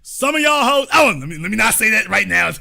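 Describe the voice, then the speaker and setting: A man's voice: sits high, expressive, a little fast, vocal fry, sharp tone. A man hosting a profane, comedic political rant, often acting out the voices of the people he quotes. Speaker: political commentary host.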